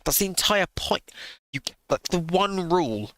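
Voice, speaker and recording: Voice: medium pitch, expressive, a little slow, a bit bright, no room sound. A streamer giving sarcastic live reaction commentary into a close desk mic, swearing freely.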